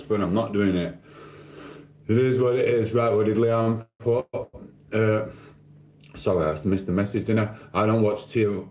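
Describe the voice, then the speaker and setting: A man's voice: lowish voice, darkish tone, roomy sound. A man from Sheffield with a Sheffield accent, live-streaming in casual chat, reading out viewer comments and answering them in a cheeky, rambling way. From Sheffield, England. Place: home living room.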